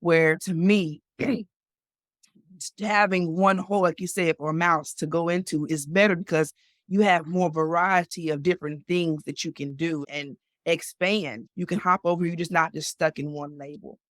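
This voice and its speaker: Earnest co-host, mid-pitched voice, dry recording. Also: fairly even intonation, normal speed, fairly bright tone, no echo. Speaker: podcast co-host. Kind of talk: casual interview chat.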